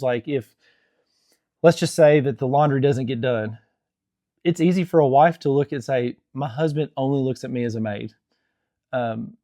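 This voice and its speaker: A young man talks earnestly and casually, giving marriage advice with many restarts and fillers. His voice is warm and mellow. The sound is dry and close, with no room echo. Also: mid-range voice. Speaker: Christian marriage vlogger. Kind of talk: casual advice talk to camera.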